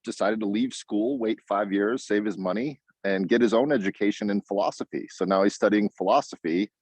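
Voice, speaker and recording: Low-voiced reflective man on a call. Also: a little fast, a little mellow, husky, dry recording. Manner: reflective, chatty. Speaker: discussion group member. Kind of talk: casual group video call.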